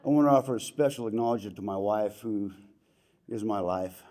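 A man's voice: fairly low pitch, brisk, mellow. Plainspoken man giving a heartfelt speech. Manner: plainspoken and folksy, with casual slang. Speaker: hall of fame inductee giving acceptance speech. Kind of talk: emotional acceptance speech. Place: banquet hall ceremony.

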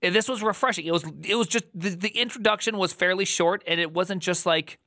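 A man streaming live, reacting to a video with excitable, fast, swinging commentary. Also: sits high, dry recording, studio quality. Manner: excitable, fast, swinging between quick rants and drawn-out emphasis.

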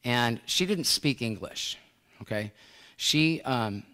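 A man's voice: mid-range voice, takes it slowly. Man preaching in a reverberant church. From United States. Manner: storytelling, lively swings from hushed to loud. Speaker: pastor. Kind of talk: sermon. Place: large church sanctuary. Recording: long church hall reverb.

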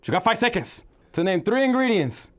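A man hosting a comedic game show, energetic and teasing with his contestants. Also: high-pitched, fairly quick, background noise.

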